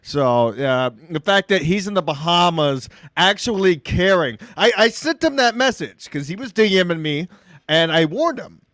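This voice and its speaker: A man's voice: high-pitched, animated, a little slow, fairly bright tone, no room sound. A man hosting a podcast, talking casually with sarcastic jokes. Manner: sarcastic, joking. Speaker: podcast host.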